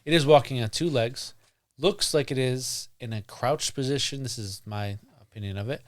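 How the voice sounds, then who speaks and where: A man's voice: medium pitch, normal speed. Casual male podcast host. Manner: reads accounts aloud with frequent restarts and asides.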